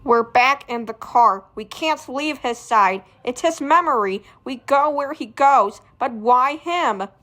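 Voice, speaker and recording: Woman, fan reader, high voice, slow pace, voices the characters, calls out sound effects. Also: animated. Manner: shouts sound effects and alarmed lines. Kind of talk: reading a graphic novel aloud with character voices.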